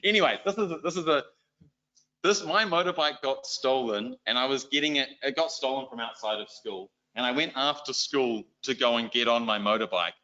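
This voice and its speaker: A man with a New Zealand accent giving a church exhortation, telling a self-deprecating story in an animated way. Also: medium pitch, brisk. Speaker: lay preacher and schoolteacher. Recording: dull lo-fi recording.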